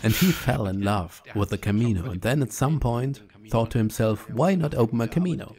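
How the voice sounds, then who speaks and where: A man's voice: lowish voice, a little mellow. A man with a German accent, talking casually to camera about a long walk, chatty and blunt, often laughing. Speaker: vlogger walking a pilgrimage trail. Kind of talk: casual spoken travel diary.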